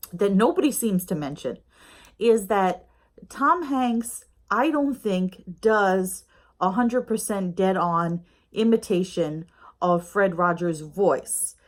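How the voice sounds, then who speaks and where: Chatty, rambling middle-aged woman. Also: medium pitch. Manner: chatty, rambling, with many fillers. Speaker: YouTube reviewer. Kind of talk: casual review chat. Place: home with a snoring pet dog nearby.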